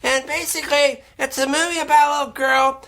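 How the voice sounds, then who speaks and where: A man hosting a deadpan satirical monologue, rambling in a halting, earnest, offbeat way. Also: very high voice. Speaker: host.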